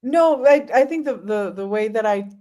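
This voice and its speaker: A woman with a Spanish-speaking accent hosting a casual livestream, reading chat comments aloud and talking warmly with guests. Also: fairly high pitch, lively intonation, moderate pace. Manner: reads chat comments aloud, self-conscious about pronunciation. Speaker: host.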